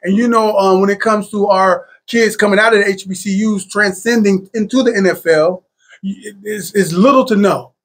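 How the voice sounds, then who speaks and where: A man hosting a casual podcast discussion, talking in an animated, enthusiastic way with many fillers. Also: high-pitched, moderate pace. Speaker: podcast host.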